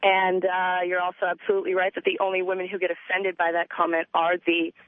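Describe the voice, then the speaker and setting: A woman's voice: lowish voice, monotone, fast, dry recording. A woman calling in to a talk radio show, cheerful and agreeable, with a few hesitant fillers. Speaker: caller. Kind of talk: call-in chat. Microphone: telephone. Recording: tinny phone line.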